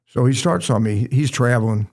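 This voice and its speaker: An older man from the St. Louis area, a retired basketball referee, telling lively anecdotes as a podcast guest. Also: mid-range voice, normal speed. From St. Louis area, USA. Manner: lively anecdotal storyteller, acts out quotes. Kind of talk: casual storytelling chat.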